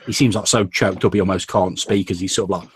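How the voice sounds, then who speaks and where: Low-voiced casual game master. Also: male voice, fairly even intonation, fast talker, breathy edge, no echo. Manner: casual, filler-heavy narration. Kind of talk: narrating a tabletop game.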